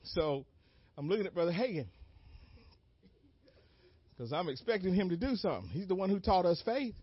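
A man preaching a sermon as an animated story, acting out moments with sudden shouted cries and laughing along. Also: high-pitched, normal speed, breathy edge, no room sound. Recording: dull lo-fi dry recording.

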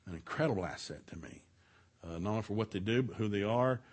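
A middle-aged man giving a preaching talk at a marriage seminar in a church, telling stories with lively shouted quotes and frequent chuckles. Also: lowish voice, quick pace, slightly rough. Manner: animated storytelling, shouts out quoted lines, chuckles often. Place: church hall, live session.

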